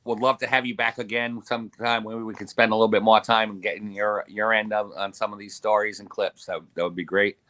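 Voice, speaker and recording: A man co-hosting a casual chat, relaxed and friendly. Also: fairly low pitch, brisk, few pauses, dry recording. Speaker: co-host.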